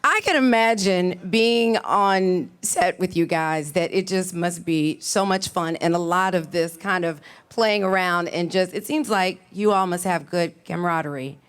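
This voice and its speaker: A woman's voice: fairly low pitch, a little slow, hardly any pauses, smooth. A woman interviewing a cast, asking questions in a friendly, encouraging way. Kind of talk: casual interview.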